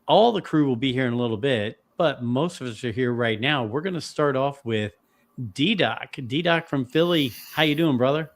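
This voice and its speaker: Podcast host, male, upbeat and welcoming, mid-pitched conversational read. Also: moderate pace. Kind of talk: casual chat.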